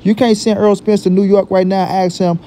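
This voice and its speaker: A man hosting a boxing vlog talks in a high but dark, mellow voice. He repeats his points emphatically and drops profane street slang. Faint noise sits behind him. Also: little pitch movement, brisk. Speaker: boxing commentary vlogger. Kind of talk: casual opinion talk.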